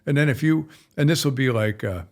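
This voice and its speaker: A man's voice: medium pitch, a little fast, darkish tone. A middle-aged male veterinarian chatting on a podcast, rambling and folksy with blunt asides. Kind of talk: casual podcast chat.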